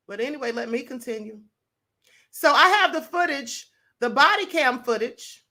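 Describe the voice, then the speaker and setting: A woman's voice: high-pitched, animated, normal speed, sharp tone. A woman hosting a live stream, giving emphatic, opinionated commentary on news stories straight to her viewers.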